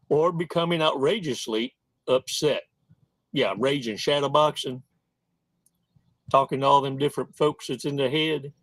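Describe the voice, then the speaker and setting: A man talks slowly and deliberately in a somewhat high voice, with a loose, slangy manner. He stretches words out for emphasis, and the recording is close and dry with no room sound. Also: no room sound. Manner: folksy, slangy, drawn-out emphasis. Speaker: host. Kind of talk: casual monologue.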